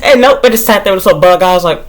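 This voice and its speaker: Animated, rambling woman vlogging at home. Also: rapid-fire. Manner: animated, rambling, heavy use of "like", swears freely; shrieks and jumps high when retelling her panic. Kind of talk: casual rambling vlog monologue. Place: at home in her small apartment.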